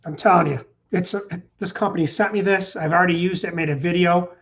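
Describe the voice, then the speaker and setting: A middle-aged man hosts a casual live stream, rambling along and reading out viewer comments. His voice sits a little high for a man. The stream audio is slightly muffled, with a faint hiss underneath. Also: steady tone, brisk, gravelly, a bit bright. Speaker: channel host. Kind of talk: casual livestream chat.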